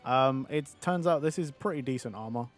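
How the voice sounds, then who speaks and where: A man's voice: medium pitch, fairly quick, soft background music. A British man streaming a game in casual chat, rambling, swearing and answering his viewers.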